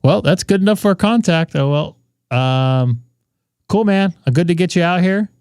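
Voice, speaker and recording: Speaking in a high-pitched, darkish, clean voice at a moderate pace, a Californian man animatedly hosts a ham radio live stream. The talk is casual on-air chatter, loose and full of fillers.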